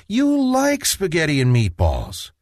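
A man's voice: a little high, huge pitch swings, measured pace, darkish tone, dry recording, clean studio sound, voice pushed up. A man voicing a patient mother pleading with her picky son, in a sing-song storybook manner. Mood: coaxing.

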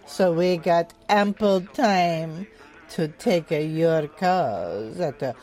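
A woman's voice: lowish voice, slow, dark tone, faint music behind. A woman hosting a radio call-in show, chatting wryly with listeners. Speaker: radio host. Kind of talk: casual radio chat.

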